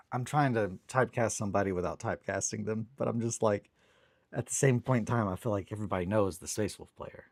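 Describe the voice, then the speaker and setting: Laid-back low-voiced man in a dry room. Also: fairly quick, a little mellow, no echo. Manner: laid-back, self-deprecating, swears casually. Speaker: hobby stream host. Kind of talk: casual rambling anecdote. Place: home hobby desk.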